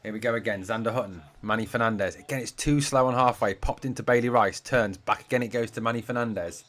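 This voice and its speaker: A man's voice: medium pitch, quick pace, a bit bright. Casual man commentating a match live. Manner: chatty, swears freely, reads out viewer comments. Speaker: fan channel host doing a live watch-along.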